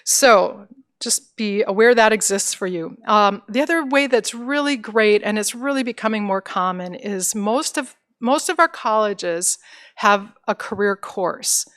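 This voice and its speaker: A woman's voice: medium pitch, a little slow, fairly bright tone. Middle-aged woman, career services presenter, encouraging, conversational, restarts and fillers. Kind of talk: informational presentation to parents.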